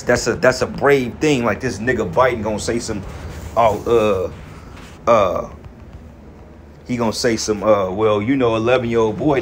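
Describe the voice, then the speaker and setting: A man's voice: medium pitch, a little hiss or hum. A man teaching scripture in an angry, profane way, reading verses aloud and tagging his lines with "man" and "okay". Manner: profane, heated, ends phrases with "man" and "okay"; reads verses aloud in measured cadence.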